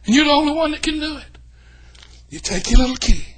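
An older man preaching a folksy sermon, swinging between shouts and hushed asides. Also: extremely high pitch, animated, fast talker, pauses often. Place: church.

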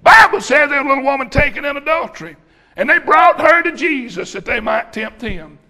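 A middle-aged man preaching a folksy, rousing sermon, often breaking into shouts. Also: very high voice, lively intonation, a little fast, vocal fry.

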